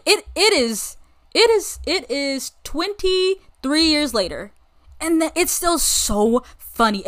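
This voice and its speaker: A woman's voice: high voice, sharp tone. A young American woman hosting a podcast, chatting in a rambling, enthusiastic way about a movie. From United States. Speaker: podcast host. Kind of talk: casual solo movie review chat.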